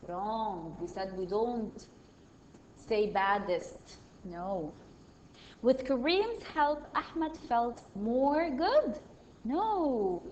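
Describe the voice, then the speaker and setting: Slow-talking woman teaching grammar. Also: a little high, lively intonation, a little mellow, lo-fi sound, slight background noise. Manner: patient, praising, reads exercises aloud and corrects answers. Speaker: primary school English teacher. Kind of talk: online grammar lesson.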